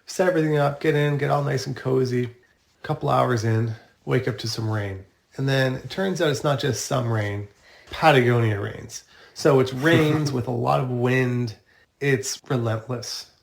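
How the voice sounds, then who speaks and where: A man from Canada recounts a camping night as a podcast guest, easygoing and matter-of-fact. His voice has a gravelly fry to it at a middle pitch. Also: moderate pace. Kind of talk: casual storytelling in a podcast interview.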